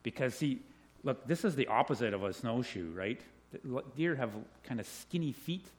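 A middle-aged man leads a children's talk in a lively, questioning way. His pitch sits in a middle range but moves a lot, and he laughs easily. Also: moderate pace. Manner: animated, asks questions, laughs often. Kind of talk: friendly storytelling to children. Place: indoors with a group of children.

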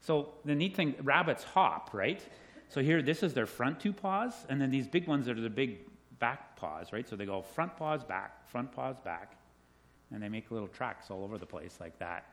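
A middle-aged man telling children a story, animated, asking them questions and laughing along with them. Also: mid-range voice, moderate pace. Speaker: children's talk leader. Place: indoors with a group of children.

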